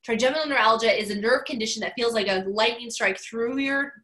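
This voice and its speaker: Bright, forceful woman motivational speaker. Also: fairly high pitch, a little fast, rough recording. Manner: emphatic, repeats key phrases. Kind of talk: motivational stage talk.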